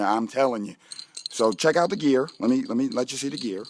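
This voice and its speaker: A man's voice: medium pitch, animated, fairly quick, slight background noise. A middle-aged man from a school, joking playfully and talking straight to children as he promotes a fun run outdoors on chilly school grounds. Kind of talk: joking promotional video for kids.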